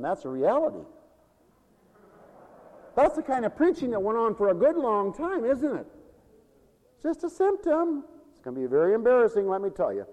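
A man preaching a sermon, swinging between loud, drawn-out declaiming and low murmurs, with frequent chuckles. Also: long reverb tail, rough recording.

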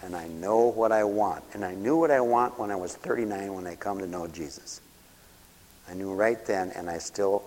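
A man in his fifties preaching a sermon at a church service. He talks plainly and folksy, and swings from loud shouted peaks down to hushed near-whispers. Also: low-pitched, normal speed, in a large hall, a little hiss or hum. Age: 50s. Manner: folksy, plain-spoken delivery.

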